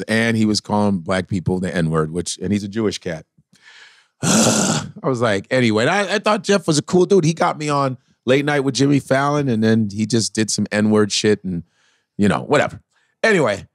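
A man, a comedian guest on a podcast, telling animated stories with lots of cursing and impressions. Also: mid-range voice, gravelly, no room sound, clean studio sound. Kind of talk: casual podcast storytelling.

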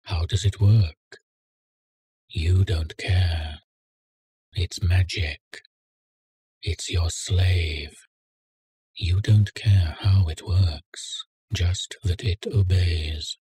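A man reading a story aloud in a measured, sardonic way. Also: low-pitched, fairly even intonation, dark tone, breathy edge, no room sound. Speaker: narrator. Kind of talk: scripted story narration.

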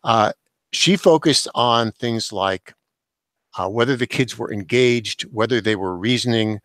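Older man, interview guest, measured explanatory tone, mid-pitched voice, dry close sound. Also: a bit bright, no echo. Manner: measured, explanatory, occasional chuckle. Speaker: guest, education professor and author. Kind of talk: thoughtful interview answers.

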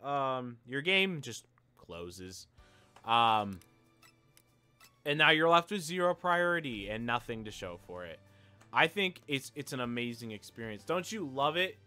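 Young male gaming creator, exasperated swearing rant, bright and crisp. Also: medium pitch, big pitch swings, measured pace, faint music behind. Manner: ranting, frustrated, swears often; repeats and restarts phrases. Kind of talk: live gameplay commentary.

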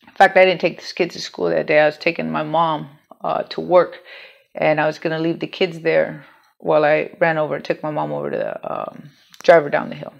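Woman, low gravelly voice, rambling candid storytelling, lo-fi dull recording. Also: level tone, brisk. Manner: rambling, frequent swearing and restarts. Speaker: channel host telling a personal story. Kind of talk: candid personal storytelling, casual and profane.

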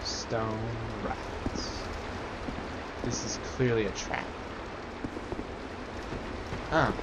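A young man giving joking, rambling commentary as he plays a video game, dropping to mumbles and then bursting into loud rants. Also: mid-range voice, fairly even intonation, drawn-out words. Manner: rambling, jokey, swings from mumbling to loud outbursts. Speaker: gaming channel host. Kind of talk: Let's Play commentary. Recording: loud background noise.

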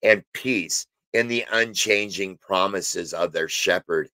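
A man's voice: deep voice, slow pace, bright, forceful tone, no room sound. A man teaching on a Bible passage in a casual, rambling way, full of fillers and restarts, sometimes emphatic. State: has hiccups. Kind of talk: informal spoken Bible teaching.

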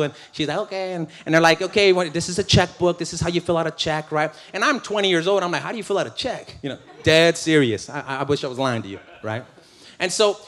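A man speaking as a guest preacher at a live church gathering, telling a personal story with laughs and acted-out quotes. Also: on the high side. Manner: animated, laughing, acts out quotes. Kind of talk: storytelling sermon.

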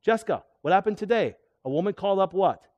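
A man's voice: sits high, fast talker, muffled recording. Middle-aged male chiropractor leading a live seminar; keeps throwing questions at the room. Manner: animated, asks the audience questions. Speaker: chiropractor giving a health talk. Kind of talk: live seminar lecture to an audience.

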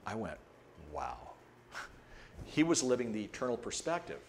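An older man telling a personal story to a room of listeners, his pitch rising and falling freely as he acts out the people in it. Faint background noise runs under his voice. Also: big pitch swings, fairly quick. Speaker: speaker teaching a lecture. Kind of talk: devotional talk to an audience. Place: room with an audience.

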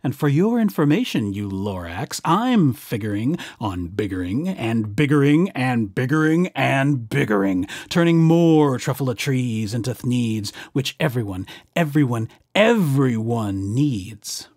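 Greedy factory guy yelling back, stubborn, dry close sound, man doing the voice. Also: medium pitch, very animated, a little slow, few pauses, no room sound. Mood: defiant. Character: greedy defiant male factory owner.

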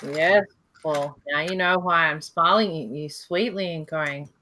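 Sitting on her couch at home, an Australian-accented woman hosts a casual livestream, chatting, laughing a lot, and reading viewer questions aloud. She speaks at a measured pace in a low-pitched voice, with heavy background noise.

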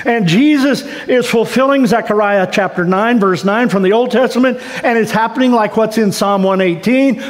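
High-voiced pastor preaching in a reverberant church. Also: male voice. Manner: folksy, animated storytelling with playful asides. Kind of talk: sermon. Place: church sanctuary. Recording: long church hall reverb.

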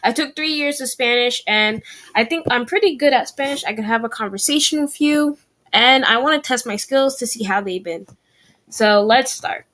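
A young woman talks casually to her viewers in a somewhat high voice. She is chatty and corrects herself as she practises. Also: moderate pace, fairly bright tone. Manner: chatty, self-correcting, repeats practice phrases aloud. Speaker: language-learning vlogger. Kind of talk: casual vlog chat.

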